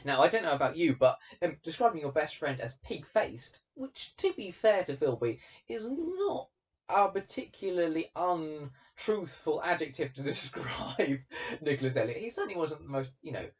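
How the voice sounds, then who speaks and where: A man hosting a casual commentary, chatty and animated with plenty of fillers and asides. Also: on the high side, normal speed, far from the mic. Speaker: host.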